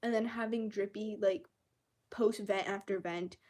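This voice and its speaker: A woman's voice: medium pitch, steady tone, measured pace, darkish tone. A young woman ranting angrily and with lots of swearing in a casual vlog, exasperated and fed up. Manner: angry, profane, exasperated.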